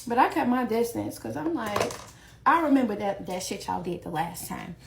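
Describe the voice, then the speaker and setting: A woman's voice: fairly high pitch, lively intonation, normal speed, creaky, background noise. A woman finishing a casual storytime, blunt and slangy.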